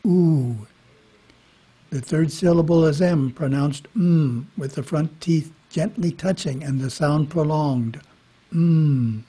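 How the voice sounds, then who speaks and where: A man giving a spiritual talk, reading scripture in a measured way with brief casual asides. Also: fairly high pitch, steady tone, warm tone, breathy edge. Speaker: monastery teacher. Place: monastery. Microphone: webinar microphone.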